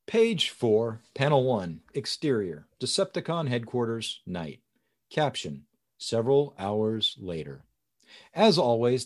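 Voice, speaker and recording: A man reading comic script panel descriptions aloud in a lively way. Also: lowish voice. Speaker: script reader.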